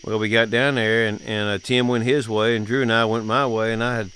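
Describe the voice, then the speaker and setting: On the low side and fairly bright, this man's voice has a flat, fairly quick delivery with a little hiss or hum in the background. He's a middle-aged podcast host and dad, drawling folksily through family stories in casual chat and laughing often.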